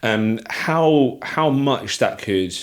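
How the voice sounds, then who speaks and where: A man's voice: medium pitch, expressive, extremely slow. A man hosting an interview podcast, effusive and full of praise, often repeating words as he talks. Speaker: podcast host. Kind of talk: casual interview chat.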